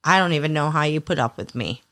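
A woman's voice: sits low, fast, fairly bright tone. A woman with a Michigan accent co-hosting a podcast in casual chat, chatty and freely vulgar. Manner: chatty, swears freely, laughs easily. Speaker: podcast co-host.

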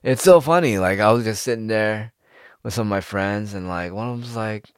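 A man, rambling in a casual, profane monologue with sudden jumps in pitch. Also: brisk, clear, resonant tone, dry recording, studio quality.

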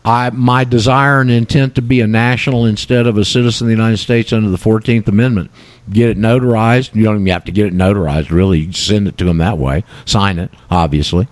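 A man's voice: on the low side, steady tone, no room sound. A man hosting a call-in radio show, talking in a folksy, repetitive way. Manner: folksy, repeats himself, quick asides. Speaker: radio talk show host. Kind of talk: casual call-in radio chat.

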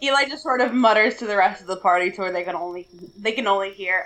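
A woman's voice: medium pitch, fairly even intonation, quick pace, a bit bright, low-quality recording. A woman playing a tabletop game, describing her character chattily with many fillers. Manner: chatty, lots of "like". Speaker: player. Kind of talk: casual tabletop play.

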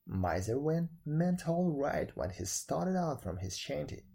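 A man reading a folk tale aloud as narrator, with dramatic, expressive delivery. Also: fairly high pitch, a little slow, gravelly, husky.

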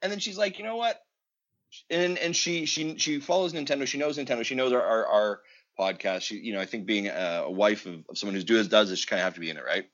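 Male podcast co-host, animated storyteller, lo-fi recording. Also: lowish voice, fast. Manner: animated storyteller, acts out quoted exchanges. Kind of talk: casual podcast chat. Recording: dull lo-fi audio.

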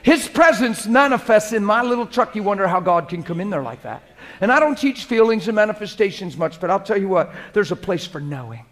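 A pastor preaching a sermon to a congregation in a room, talking straight to the people in front of him. He swings from soft, hushed prayer to loud, lively preaching. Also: high-pitched, a little fast. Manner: earnest, conversational preaching, addressing the room directly. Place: church hall before a congregation.

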